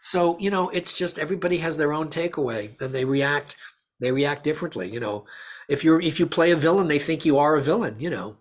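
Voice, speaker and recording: With a fairly high, brisk voice, an actor guest spins anecdotes during an interview. He's animated throughout, slipping into the voices of the people he quotes.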